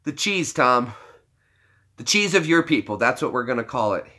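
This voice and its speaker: Young man, from the US, casual livestream host, lively up-and-down voice, jokey. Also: mid-range voice, moderate pace. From United States. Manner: joking, laughs often, plays with words.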